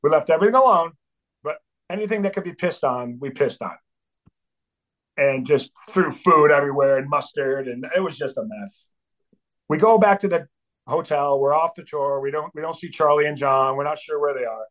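A middle-aged man telling a story as a guest, with a fairly high voice for a man. He swears freely and drops into the voices of the people he quotes. The delivery is animated. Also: normal speed, poor audio. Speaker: guest, band drummer.

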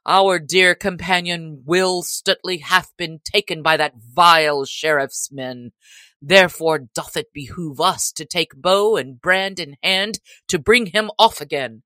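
Here is a bold male outlaw leader from an old storybook, declaiming with a stirring, rallying force. A woman reads him out in a low, unhurried voice, close and dry to the mic. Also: fairly bright tone, no echo. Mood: rousing.

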